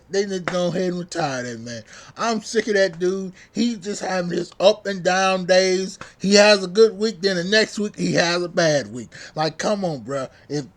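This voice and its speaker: A young man venting as a sports vlogger in a casual, heated fan rant, repeating himself and tossing in slang constantly. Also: high voice. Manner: heated, repetitive, says bruh constantly.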